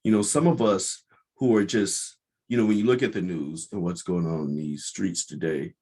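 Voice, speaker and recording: A man's voice: low-pitched, normal speed, darkish tone, husky. A man hosting his own show, giving an impassioned, blunt and profane commentary monologue. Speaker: podcast host.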